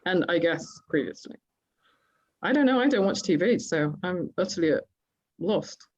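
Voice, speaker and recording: A woman's voice: fairly low pitch, lively intonation, moderate pace, a little mellow, muffled recording. A woman moderating an online festival conversation in a light, joking way. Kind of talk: hosting an online festival chat.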